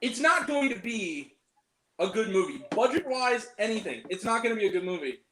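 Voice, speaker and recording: A young man chats about movies on a live stream, animated and quick to laugh, often dropping into silly voices to quote people. His voice sits high and swings widely in pitch. The room around him is noticeably echoey. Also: slight background noise. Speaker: movie review co-host. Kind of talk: casual live-stream chat.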